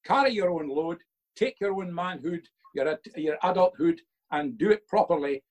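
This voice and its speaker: A man's voice: on the high side, expressive, moderate pace, a little mellow, poor audio. An older man, a father being interviewed by his son for a church video, telling earnest stories and quoting himself with emphasis.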